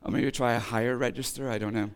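A man preaching in an easygoing, conversational way, moving from a scripture reading into loose, chatty explanation. His voice sounds a little rough and strained, and his pitch sits in a middle range for a man. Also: steady tone, quick pace. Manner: casual and chatty, rereads scripture then explains with asides and quips. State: voice acting up, slightly rough. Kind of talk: conversational sermon.

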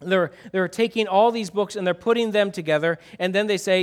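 A man's voice: sits high, a little fast, hardly any pauses. A middle-aged man preaching a sermon in a conversational way, asking the congregation questions and often repeating himself. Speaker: pastor.

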